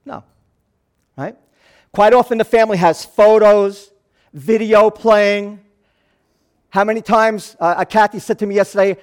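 A male pastor preaches a sermon, telling the story animatedly as he swings between loud and hushed delivery. His voice sits high and his pace is moderate.

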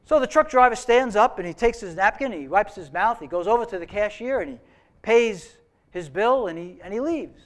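A pastor preaching a sermon to a live congregation in a church service, telling an old joke in a relaxed storytelling way. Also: male voice, sits high, normal speed.

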